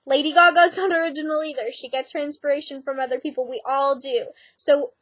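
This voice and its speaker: A woman's voice: sits high, fairly even intonation, brisk, fairly bright tone, no echo. A teenage girl vlogging in a casual, sarcastic rant, full of "like" and "um". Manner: chatty, sarcastic, many "like"s and "um"s.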